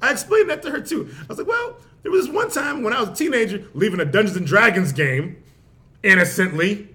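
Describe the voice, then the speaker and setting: A man with a strikingly high voice that swings widely as he tells stories. He talks in loose, profane podcast chat, building his stories up and breaking into laughter along the way. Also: brisk. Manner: profane, animated storytelling with frequent laughter. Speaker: podcast host. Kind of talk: casual chat.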